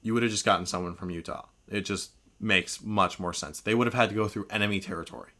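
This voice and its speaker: A man's voice: lowish voice, fast talker, pushed and bright. A man co-hosting a casual podcast, eagerly explaining war-film history and details. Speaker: podcast co-host.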